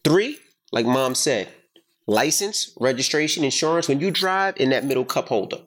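A middle-aged man hosting a casual podcast chat, telling a story in an emphatic, profane, animated way. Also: mid-range voice, normal speed. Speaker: podcast host.

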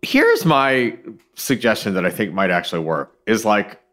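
A man's voice: lowish voice, very animated, moderate pace, fairly bright tone. A man co-hosting a casual podcast, talking things through in a thoughtful, hedging, digressive way on a studio mic. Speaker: podcast co-host.

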